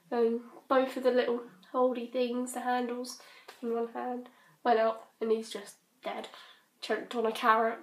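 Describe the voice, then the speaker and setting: A British teenage girl rambling casually in her bedroom, scattered and quick to giggle. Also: fairly high pitch. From Britain. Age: teens. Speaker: vlogger. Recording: roomy bedroom echo.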